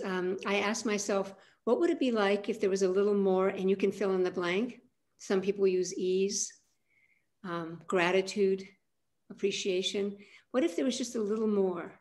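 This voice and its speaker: Calm older woman guiding a breathing practice. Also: medium pitch. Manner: calm, soft-spoken guidance with frequent pauses. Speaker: aikido teacher leading a centering practice. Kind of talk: guided practice and talk on a video call. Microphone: video call.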